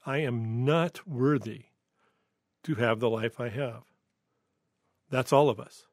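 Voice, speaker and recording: A man preaching a devotional sermon with scripture reading, in an earnest, reflective and measured way. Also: medium pitch, no echo, clean studio sound. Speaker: pastor.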